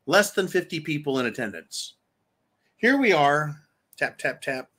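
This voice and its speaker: A man's voice: a little high, sing-song, a little slow, bright, forceful tone, slightly rough. A man hosting political commentary, delivering an angry, profane, sarcastic rant and repeating himself for emphasis.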